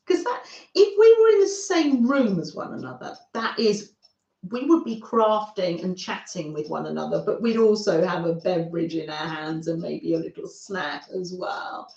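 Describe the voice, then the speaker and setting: A woman's voice: fairly low pitch, expressive, moderate pace, gravelly. A woman hosting a craft livestream, chatting to viewers and reading their messages aloud in a gushing, friendly way. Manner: gushing, warm-hearted, reads chat aloud. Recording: roomy, slightly dull sound.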